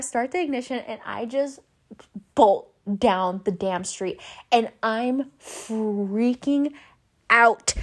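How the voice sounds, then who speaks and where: A young woman hosting a podcast, telling a personal story casually and animatedly, swearing and acting out her own panicked lines. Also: a little high. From Southern California. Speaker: podcast host.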